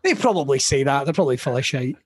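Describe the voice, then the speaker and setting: A man's voice: medium pitch, very animated, quick pace, slightly rough, no echo. Jokey Scottish man, swearing storyteller. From Scotland (Ayrshire). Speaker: stand-up comedian, guest. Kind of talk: casual podcast chat.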